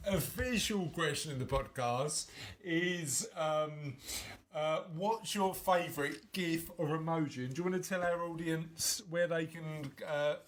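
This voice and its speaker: A man's voice: a little high, a little slow. A man co-hosting a podcast in casual chat, rambling and teasing with many restarts. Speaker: podcast co-host.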